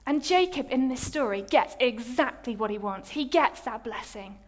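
A young adult woman giving a personal testimony in a sermon, telling her story in an animated, self-mocking way. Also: fairly high pitch, normal speed.

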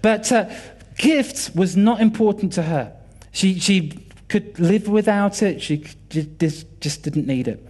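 A man's voice: high voice, lively intonation, measured pace, a little mellow. A British man in his forties giving a sermon, telling personal family stories and acting out quoted dialogue with animation.

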